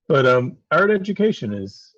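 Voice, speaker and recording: A man's voice: medium pitch, big pitch swings, measured pace, a bit bright, dry recording, muffled recording. A man co-hosting a live painting stream, chatting casually and rambling through painting technique with lots of fillers. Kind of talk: casual chat while painting.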